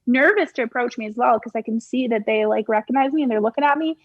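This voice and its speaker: A young woman guest on a casual podcast, blunt and swearing as she tells lively stories. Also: a little high, fast talker, no room sound. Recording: dry, dull lo-fi sound.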